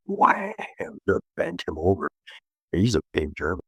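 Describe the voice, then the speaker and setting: Deep-voiced middle-aged man telling blunt stories. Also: moderate pace, slightly rough, no room sound. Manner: animated storyteller, blunt and joking. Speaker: martial arts instructor, guest. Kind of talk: casual interview chat.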